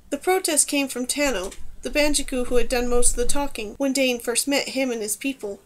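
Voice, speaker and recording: Woman narrator, audiobook reading, fairly high voice, steady storytelling. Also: brisk, hardly any pauses, rough recording. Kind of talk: scripted narration.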